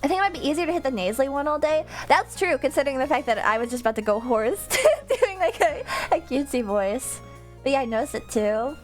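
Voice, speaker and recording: A woman's voice: high voice, expressive, fast, soft background music. A woman streamer chatting casually with her viewers, rambling into tangents and laughing often.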